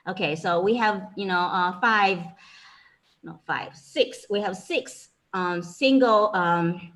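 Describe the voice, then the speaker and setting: A woman's voice: medium pitch, slow, fairly bright tone, poor audio. A woman with a Chinese accent, a Chinese language teacher giving an informal lecture, filling her talk with "you know" and "okay".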